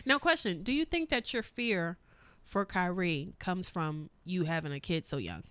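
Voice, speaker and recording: A woman's voice: lowish voice, very animated, a bit bright, dry recording. Teasing woman co-host, dry sound. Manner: teasing, blunt, quick with jokes. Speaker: podcast co-host. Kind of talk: casual chat.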